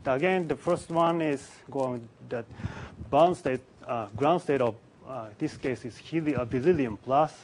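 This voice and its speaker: Male physicist, mid-pitched, halting conference lecture with restarts, faint hiss behind. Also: darkish tone, poor audio. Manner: halting, many restarts and pauses. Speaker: physicist giving a symposium talk. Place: symposium lecture room.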